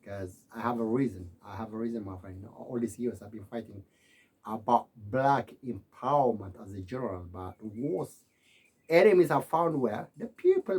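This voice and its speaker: A man giving an emphatic, preachy monologue, repeating himself and swinging from loud to quiet. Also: mid-range voice, expressive, normal speed, gravelly, breathy edge. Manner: repetitive, keeps saying "my friend" and "okay".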